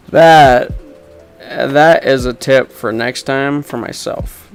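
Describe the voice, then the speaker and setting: A man's voice: medium pitch, extremely slow, clean tone, faint music behind. A man chatting casually while he draws, talking through his work in a chatty, self-mocking way and laughing often. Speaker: artist and video host. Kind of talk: casual chat while drawing.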